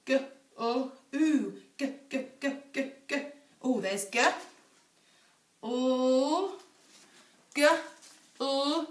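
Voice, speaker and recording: A woman's voice: high-pitched, drawn-out words, long pauses, darkish tone. A young woman teaching phonics to small children, sounding out letters in a sing-song voice at home. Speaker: infant school teacher. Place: home, echoey room. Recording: echoey room, voice a little far off.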